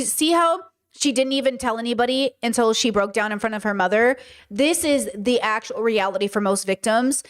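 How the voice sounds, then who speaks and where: Woman, streamer, high voice, indignant, animated reaction commentary. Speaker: streamer reacting to news clips.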